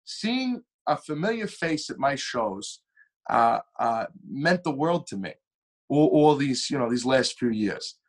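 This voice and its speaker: A young man, a singer telling stories as a podcast guest in a lively, animated way. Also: a little slow. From Long Island, New York. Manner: animated storyteller with shifting pitch and pace. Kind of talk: casual storytelling interview.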